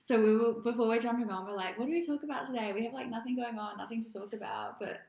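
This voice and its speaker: A woman co-hosting a casual podcast chat, talking fast with lots of "like" and frequent laughs. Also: on the high side, expressive, darkish tone. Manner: chatty, laughs often, lots of "like". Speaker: podcast co-host. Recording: echoey room.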